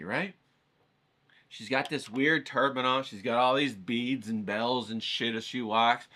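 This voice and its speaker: A man telling a casual, rambling story, animated and acting out the voices of the people in it. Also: medium pitch, unhurried, pauses often. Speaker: painting vlogger.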